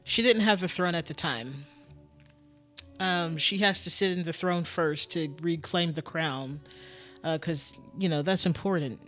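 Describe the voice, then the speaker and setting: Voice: medium pitch, a little slow, fairly bright tone, soft background music. A streamer thinking aloud during a casual live-stream game commentary, muttering and musing with lots of fillers.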